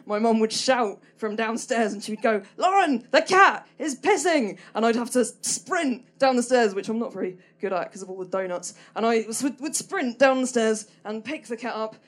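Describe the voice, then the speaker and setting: A young woman telling a stand-up story on stage, hesitant and rambling, full of ums and restarts, with a dry, self-deprecating humour. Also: on the high side. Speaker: stand-up performer. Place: small comedy venue stage.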